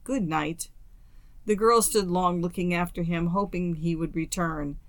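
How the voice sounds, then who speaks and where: A woman reading a classic story aloud as an audiobook narrator, in a steady, measured way. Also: lowish voice, no echo. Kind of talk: scripted narration.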